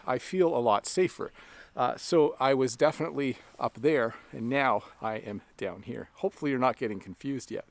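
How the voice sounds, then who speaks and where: A man teaching an English lesson outdoors, speaking slowly and clearly with simple examples, a little out of breath. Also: mid-range voice, no room sound. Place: outdoors in the rain. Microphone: camera on a stand.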